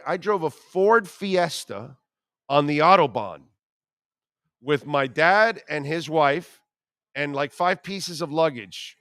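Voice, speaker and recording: A man's voice: a little high, a bit bright, clean tone, no room sound, studio quality. A man in his fifties hosting a sports radio show, telling brash, profane stories in a casual way.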